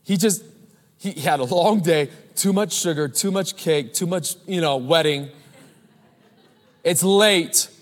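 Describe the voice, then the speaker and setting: A man in his thirties preaching a sermon as pastor, animated, telling stories and calling out to the congregation. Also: on the high side, slow pace, long pauses. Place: large church. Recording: live church hall with long reverb.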